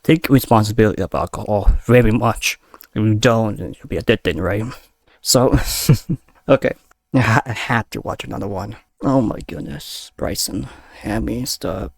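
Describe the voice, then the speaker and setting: A man from Peru comments casually on a clip he is watching. His voice is gravelly, and his phrasing halts and circles back on itself. The sound is dry and close. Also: on the low side, no room sound. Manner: halting, repeats "right?" and "okay". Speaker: reaction video host.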